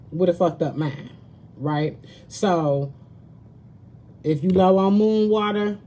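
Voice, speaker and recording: A woman's voice: on the low side, mellow. A woman tarot reader chatting casually with her viewers on a live stream, slangy and talkative, calling them baby and girl. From Southern United States.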